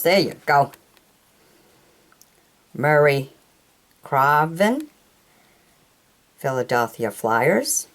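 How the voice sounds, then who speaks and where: A woman with a low voice reads through her collection of trading cards one at a time, naming each player and team at a very slow, unhurried pace. Her pitch swings widely as she goes. She sounds out tricky names haltingly and sometimes stumbles over them. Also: very animated. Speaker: hockey card collector.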